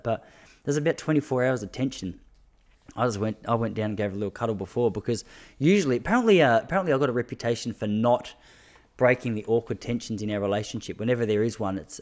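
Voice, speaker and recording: A young Australian man talking casually to his listeners, self-mocking and quick to laugh, with lots of restarts. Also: medium pitch, a little mellow.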